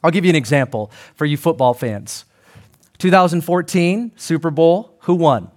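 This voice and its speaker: Lively high-voiced man preaching a sermon. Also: moderate pace. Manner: animated, conversational preaching with frequent restarts and asides. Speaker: pastor.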